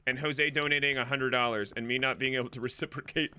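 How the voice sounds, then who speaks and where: A man's voice: medium pitch, steady tone, quick pace, bright, forceful tone, clear, resonant tone. A young man giving joking, irreverent commentary while playing a game, laughing often. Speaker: gaming streamer. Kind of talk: casual gameplay commentary.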